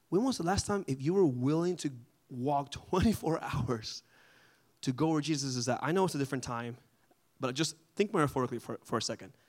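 A man leading a group Bible study in a casual, animated way, often asking the group questions. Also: mid-range voice.

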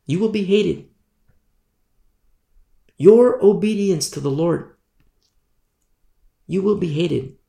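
Brief: male pastor preaching with emphatic repetition, gravelly voice, roomy echo. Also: high voice, slow pace, pauses often, dark tone. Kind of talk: sermon.

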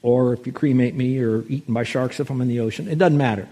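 Husky man preaching a sermon. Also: mid-range voice, mellow. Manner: storytelling, slows and swells for emphasis on scripture. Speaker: pastor.

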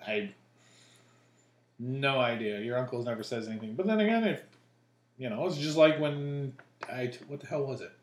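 A man co-hosting a casual podcast, telling stories and breaking into loud excited bursts. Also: mid-range voice, moderate pace, long pauses, echoey room, a little hiss or hum. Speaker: podcast co-host.

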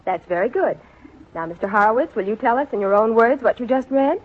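A patient, prim teacher who keeps an unruly adult class in order. Her fairly high voice moves lively. The sound is a muffled 1940s radio broadcast. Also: fairly quick, breathy edge. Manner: patient, prim, often amused. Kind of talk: 1940s radio sitcom acting.

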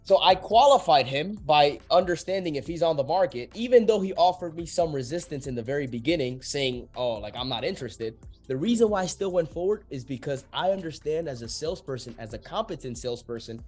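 A man's voice: fairly high pitch, lively intonation, a little fast, few pauses, a little mellow, soft background music. A young man, a real estate agent, talking casually and acting out both sides of sales calls, swearing freely. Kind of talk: casual podcast talk, explaining sales calls.

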